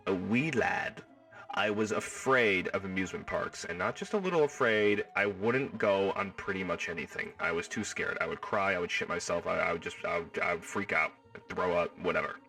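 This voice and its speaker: A man hosting a livestream, chatting casually with his viewers in an excitable, rambling way and riffing on the same joke over and over, his voice stuffed up and hoarse. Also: sits low, moderate pace, distant mic, soft background music. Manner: excitable, rambling, riffs and repeats himself. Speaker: livestream host. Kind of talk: casual chat with live viewers.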